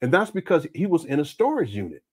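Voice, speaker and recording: A man's voice: fairly high pitch, big pitch swings, fast talker, slightly rough. Rambling, laughing man hosting a livestream. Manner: rambling, frequent restarts and fillers; loud, laughing banter with viewers. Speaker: host. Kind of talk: casual livestream commentary.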